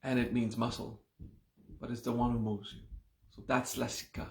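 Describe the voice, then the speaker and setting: Male teacher with a gravelly voice, patient and slow, recorded in an echoey room. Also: mid-range voice, flat delivery. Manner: slow, explains patiently with repeated "okay?". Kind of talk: live class explaining Sanskrit words.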